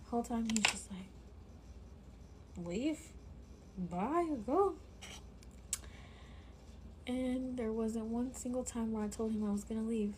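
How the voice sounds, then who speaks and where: A woman's voice: a little high, level tone, brisk, few pauses. Woman, casual storytime, chatty, filler-heavy, faint background noise. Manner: chatty, full of "like", drops to a whisper when quoting.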